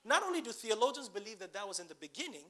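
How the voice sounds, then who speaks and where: A man's voice: high voice, sing-song, very fast, bright, forceful tone. A man preaching a sermon, asking the congregation questions and building to emphatic bursts.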